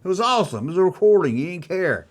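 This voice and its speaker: A man's voice: high voice, very animated, very fast. A man in his fifties hosting a video, rambling in a casual, chatty way as he reminisces. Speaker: YouTube host. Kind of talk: casual nostalgic monologue.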